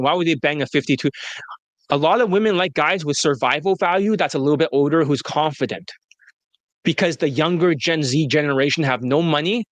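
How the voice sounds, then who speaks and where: A man's voice: on the high side, no echo. Blunt, profane male dating coach. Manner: blunt and profane, laughs often. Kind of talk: casual interview talk.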